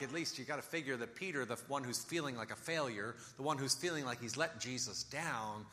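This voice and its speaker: A man preaches a sermon in an animated storytelling way, his voice bright and forceful. He drops into softer, lower tones when he voices the people in the story. The sound carries a long reverb, like a large church sanctuary. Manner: animated storytelling, acting out quoted lines in soft low voices. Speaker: pastor.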